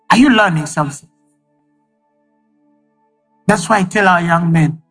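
A man's voice: sits high, unhurried, pauses often, a bit bright, breathy edge, faint music behind, low-quality recording. A man preaching a sermon, emphatic and repeating key phrases for effect.

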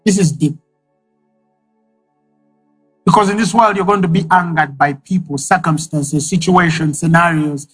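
A man's voice: fairly high pitch, unhurried, long pauses, a bit bright, husky, faint music behind, poor audio. A man preaching a sermon, emphatic and repeating key phrases for effect.

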